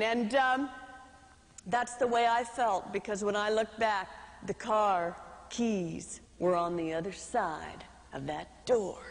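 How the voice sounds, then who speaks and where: A woman giving a speech to a live audience, telling a dramatic story with acted-out voices. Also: on the high side. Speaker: motivational speaker. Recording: reverberant hall.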